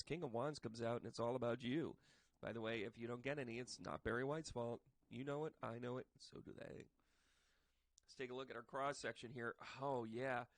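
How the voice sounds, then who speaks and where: A man giving a casual tarot reading to camera, chatty and joking, with bursts of loud emphasis. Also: mid-range voice, dry recording. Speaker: tarot reader and medium. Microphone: microphone.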